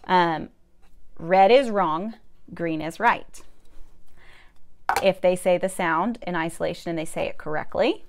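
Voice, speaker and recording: A woman's voice: fairly low pitch, measured pace, pauses often. A young adult woman, a speech therapist, explaining a classroom activity step by step in an upbeat, chatty way with some fillers. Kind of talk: instructional video demonstration.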